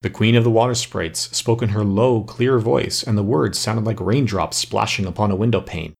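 Male audiobook narrator, measured, husky, low pitch. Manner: steady, measured storytelling. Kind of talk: audiobook reading of a fairy tale.

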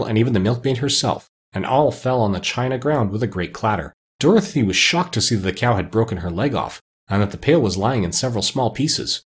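Brief: husky male narrator for a classic storybook, melodic and expressive. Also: lowish voice. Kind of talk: storybook reading aloud.

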